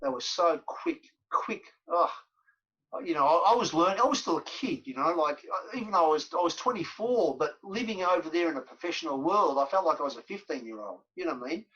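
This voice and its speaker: A man's voice: fairly high pitch, expressive, fairly quick, a bit bright, husky. A middle-aged Australian man, a former footballer, telling long stories as a podcast guest, with many fillers and repeated words. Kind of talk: podcast interview storytelling. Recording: dull lo-fi audio.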